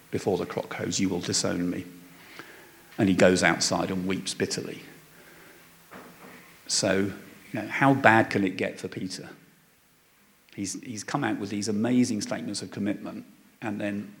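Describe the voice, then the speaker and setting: A man's voice: deep voice, creaky. A man preaching a sermon in a conversational way, reading scripture and explaining it with frequent fillers and restarts. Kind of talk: sermon, Bible teaching.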